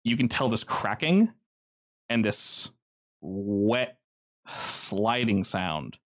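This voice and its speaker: A man narrating a tabletop game as game master, describing scenes in a slow, ominous, measured way. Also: fairly low pitch, expressive.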